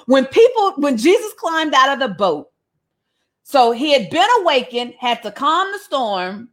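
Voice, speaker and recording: A woman's voice: sits high, very animated, a little slow, a bit bright. A woman teaching a Bible passage in a casual, slangy, storytelling sermon.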